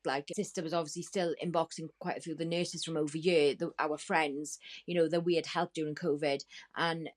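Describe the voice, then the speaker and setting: Woman, deep voice, rambly and emotional, swears a lot, podcast guest spilling her story. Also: steady tone, a little fast. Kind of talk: candid storytelling.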